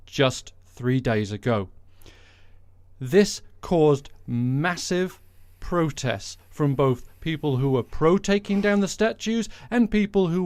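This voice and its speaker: A man hosting a podcast with blunt, sarcastic, sweary commentary. His voice sits somewhat high. The recording is dry and close, with no room sound. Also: a little mellow, dry recording. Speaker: podcast host. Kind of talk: sweary comic monologue.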